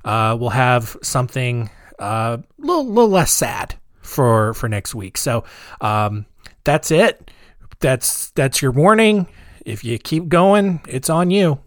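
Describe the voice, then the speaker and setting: A man in his thirties hosting a podcast, rambling in a chatty way with dark sarcastic humor. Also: mid-range voice, sing-song, slow, no room sound, studio quality. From United States. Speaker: podcast host. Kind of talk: casual podcast monologue.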